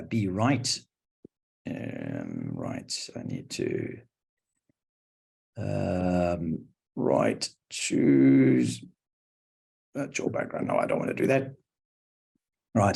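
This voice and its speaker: A man's voice: on the low side, a little mellow, slightly rough. A man hosting an online webinar over a video call, rambling and jokey with lots of fillers. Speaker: webinar host.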